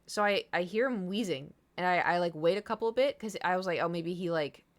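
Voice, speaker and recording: Speaking a little fast in a voice on the low side, this woman streamer chats casually with her audience. Her long, meandering story is full of filler words and frank profanity.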